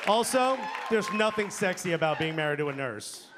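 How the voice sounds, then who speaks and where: A man's voice: on the high side, sing-song, moderate pace. A man performing a stand-up set on a comedy club stage, talking conversationally and often tagging lines with "okay?" or "you know?". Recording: live club, loud crowd laughter and noise.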